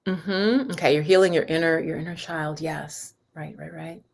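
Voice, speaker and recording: A woman's voice: sits low, steady tone, moderate pace, creaky. A woman spiritual teacher chatting casually with viewers on a live stream, rambling and talking straight to her audience. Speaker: spiritual teacher and yoga host.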